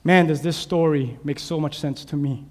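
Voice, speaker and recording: A man preaching a sermon, animated, acting out shouted voices from Bible stories. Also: fairly high pitch, moderate pace. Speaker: pastor. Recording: long hall reverb.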